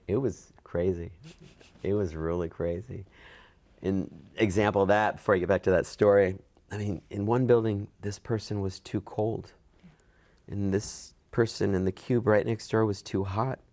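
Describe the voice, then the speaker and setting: A middle-aged man telling a long workplace story in an oral history interview, acting out the dialogue in a raised voice. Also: unhurried. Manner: animated, acts out quoted dialogue with raised pitch. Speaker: interviewee, events program manager.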